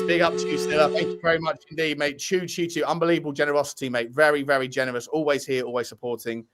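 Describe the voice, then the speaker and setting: Over loud background music, a man hosts a casual fan podcast, racing through super chats with few pauses to thank donors. His slightly high voice has a flat delivery, yet he stays upbeat and chatty, with restarts as he shouts people out.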